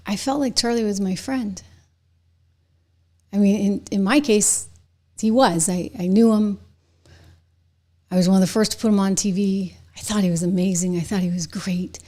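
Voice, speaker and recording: Addressing viewers head-on, a political commentary host with a mid-range voice delivers her opinion monologue at normal speed, with long pauses, until it swells into loud, indignant outbursts.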